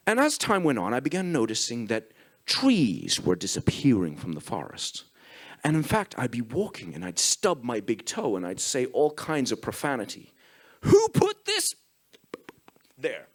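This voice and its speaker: A man's voice: mid-range voice, wildly swooping pitch, moderate pace. An Irish man giving a comic conference talk, telling profane, self-mocking anecdotes. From Ireland. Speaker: conference speaker. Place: conference stage.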